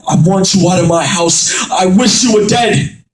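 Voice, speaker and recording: A man voicing an angry, proud father who shouts at his son. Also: very high voice, lively intonation, normal speed, soft background music. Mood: raging. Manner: shouting, furious then wailing. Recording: echoey room, far from mic.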